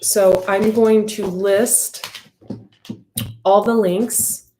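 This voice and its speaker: A woman's voice: medium pitch, steady tone, drawn-out words, pauses often, mellow, reverberant, slight background noise. Heartfelt rambling woman tarot reader. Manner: rambling, heartfelt, many fillers. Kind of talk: casual spoken intuitive reading.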